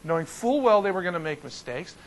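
A man teaching as a pastor in an informal Bible study, talking in a folksy, animated way and often restarting his sentences. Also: high-pitched, a little fast, poor audio.

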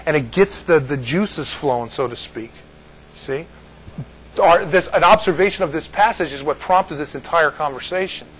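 A man's voice: a little high, moderate pace, a bit bright, a little hiss or hum, low-quality recording. A man as pastor giving conversational Bible teaching, rambling and folksy, often asking "you see?".

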